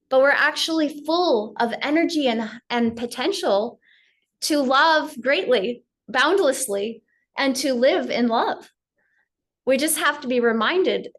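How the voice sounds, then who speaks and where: Lady teacher talking gently about yoga and love, kinda high voice, tells little stories. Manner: gentle, storytelling, with fillers and restarts. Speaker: spiritual teacher. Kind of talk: spiritual talk.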